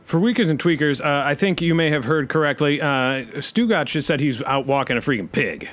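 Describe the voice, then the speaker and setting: A man hosting a comedy podcast, rambling in a hesitant, deadpan way with many fillers. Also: a little high, fairly quick. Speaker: host.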